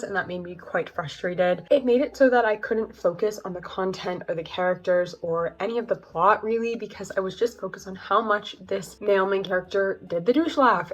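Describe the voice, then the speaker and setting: Chatty young woman reviewing books. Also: medium pitch. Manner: chatty, rambling, candid. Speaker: book vlogger. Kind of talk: casual book review vlog.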